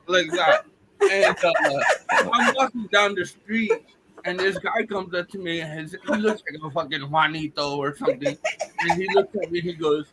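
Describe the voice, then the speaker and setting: A man's voice: high-pitched, lively intonation, moderate pace, noisy background. A comedian from Texas doing a short stand-up set over video call, swearing freely and laughing through his story. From Texas, United States.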